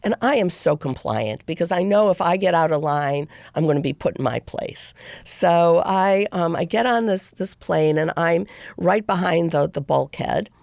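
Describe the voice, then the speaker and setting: A woman's voice: on the low side, expressive, normal speed, creaky, darkish tone, no room sound. A middle-aged woman, a podcast guest, telling a long story in a rambling way with many restarts. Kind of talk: casual interview storytelling.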